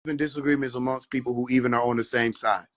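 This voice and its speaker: A man hosting a casual livestream, talking in an animated, preachy way and mocking people with laughs. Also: medium pitch, fast. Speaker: livestream host. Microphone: phone.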